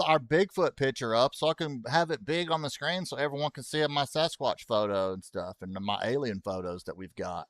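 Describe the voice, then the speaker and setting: Barely pausing, a male gaming streamer with a bright-ish, mid-range voice and moderate pace rambles through a racing game. He jokes, gets distracted, and talks to chat with "y'all" asides, with no room sound.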